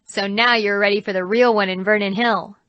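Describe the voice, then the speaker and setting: Lady reading a chill teen boy, deadpan, little lower. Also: a little fast, no room sound, lo-fi sound, close to an everyday voice.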